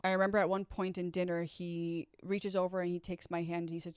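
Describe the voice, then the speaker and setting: Low-voiced woman telling a candid story. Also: quick pace, few pauses, smooth, no echo, studio quality. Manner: candid, chatty, swears, speaks straight to viewers. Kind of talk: casual storytime monologue.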